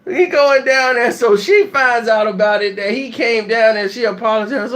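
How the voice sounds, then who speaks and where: A man telling a funny story, laughing often and acting out the people in it with shouted lines. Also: very high-pitched, normal speed. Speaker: channel host telling a story. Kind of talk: animated comic storytelling.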